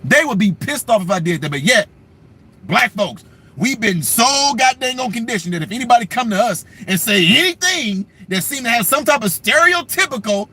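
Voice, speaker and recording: A man's voice: very high voice, animated, normal speed, sharp tone, slightly rough. A man hosting a livestream commentary, rambling and sarcastic in a slangy style. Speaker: commentary channel host.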